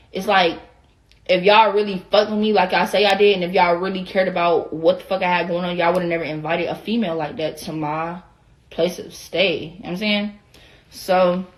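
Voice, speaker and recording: This social media personality is a young woman ranting through a casual livestream storytime, cursing, wandering off track and constantly checking whether you follow her, asking if you know what she's saying. She speaks at a medium pitch, and the recording is rough.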